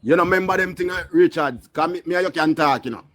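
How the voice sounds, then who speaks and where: A man's voice: a little high, fast talker, fairly bright tone. A man with a Jamaican accent making a heated, insistent political argument in patois on a live group call. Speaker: caller on a live political chat.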